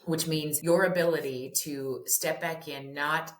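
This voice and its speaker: A woman's voice: low voice, fairly even intonation, a little slow. A woman in her forties, a therapist and parenting author, talking candidly and animatedly, swearing casually and acting out her children's voices. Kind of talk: candid podcast conversation. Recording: roomy echo.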